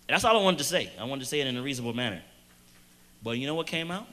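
Bright-voiced man giving earnest testimony. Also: mid-range voice, expressive. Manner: earnest storytelling with hesitant restarts and emphatic slowed phrases. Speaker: youth panel speaker. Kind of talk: personal testimony in a panel Q&A.

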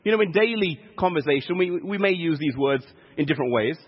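Male preacher, emphatic teaching sermon; lively husky voice, dull lo-fi hall recording. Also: fairly high pitch, brisk. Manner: teaching, emphatic, repeats key points. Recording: echoey hall, dull lo-fi sound.

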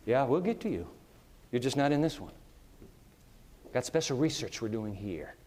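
A man preaching a sermon in a lively, conversational style, chuckling often as he goes. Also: mid-range voice, normal speed, slight background noise. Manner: animated, conversational, laughs often. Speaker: pastor. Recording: long reverb of a big hall.

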